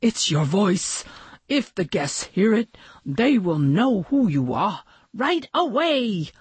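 Brief: woman voices young male dog bellhop, nervous, eager to please, slow dry storybook read. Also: medium pitch, very animated, slightly rough, no echo, voice pushed up, heavily acted. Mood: earnest.

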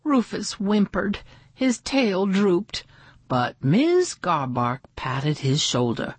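A woman reading a children's storybook aloud in an expressive, lively way. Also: medium pitch, takes it slowly, slightly rough, no room sound. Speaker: storybook reader.

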